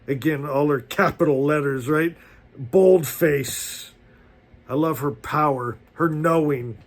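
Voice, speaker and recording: A man with a high voice preaches at an unhurried, deliberate pace. He reads inspirational passages aloud as a spiritual teacher, fervent and exhorting toward his listeners. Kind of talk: inspirational sermon reading aloud.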